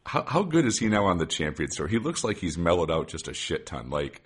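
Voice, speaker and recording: Low husky podcast host, chatty. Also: male voice, big pitch swings, brisk. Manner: enthusiastic, rambling, says "like" and "right?" often. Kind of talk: casual chat.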